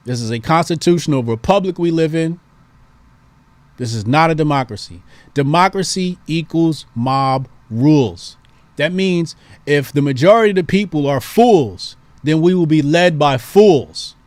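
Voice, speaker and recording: A man's voice: on the high side, expressive, moderate pace, no room sound. A man hosting a call-in show, giving emphatic, preachy political commentary and repeating points for stress.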